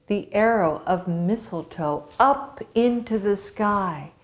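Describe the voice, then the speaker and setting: Woman storyteller, slow-paced, expressive, middle pitch, telling a myth to kids. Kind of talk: storytelling to children.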